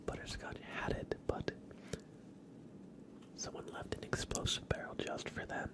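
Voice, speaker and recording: A man hosting a live ASMR stream, giving whispered livestream commentary in a soft, low-key voice with a stuffy nose, close on the mic. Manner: soft whisper, slow and low-key, cheering on chat viewers.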